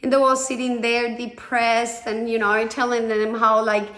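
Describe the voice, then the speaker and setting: A woman's voice: on the high side, little pitch movement, moderate pace, fairly bright tone. A woman in her thirties telling her own story candidly, frank and blunt, swearing freely and acting out what others said. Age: 30s. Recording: echoey room.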